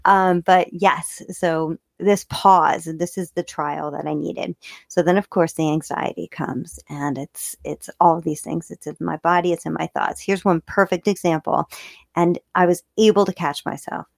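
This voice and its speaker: Chatty, fast-talking woman vlogger with a low, gravelly voice, recorded close and dry. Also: fairly even intonation, no room sound. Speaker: video creator. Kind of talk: casual personal storytelling.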